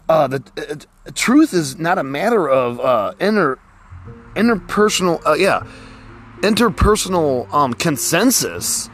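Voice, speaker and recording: A man with a slightly high voice hosts a podcast outdoors as cars pass by. His casual philosophical monologue rambles in a folksy way, packed with fillers like "you know."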